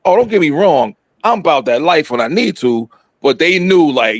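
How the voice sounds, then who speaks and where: Animated profane man telling a story. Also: a little high, normal speed, dry recording. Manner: animated, profane, acts out quotes. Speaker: podcast guest storyteller. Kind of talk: casual storytelling chat.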